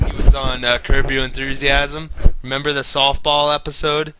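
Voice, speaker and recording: A man's voice: medium pitch, little pitch movement, normal speed, bright, forceful tone, a little hiss or hum. A slightly tipsy man chatting casually while streaming a game, rambling, swearing and laughing. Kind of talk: casual chat while gaming.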